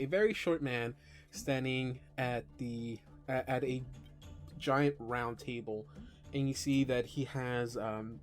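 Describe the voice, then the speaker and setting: Guy running a tabletop game, lots of ums and restarts, faint music under him. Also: medium pitch. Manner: hesitant, many fillers and restarts. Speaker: game master.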